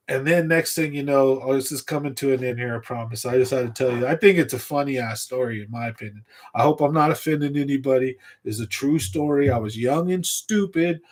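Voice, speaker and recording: A man hosts a casual livestream from a home setup and tells a long, rambling story from his younger days. He gets animated, speeds up, and laughs at his own tale. His voice sits in a middle range. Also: medium pitch, fairly quick. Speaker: fishing channel livestream host.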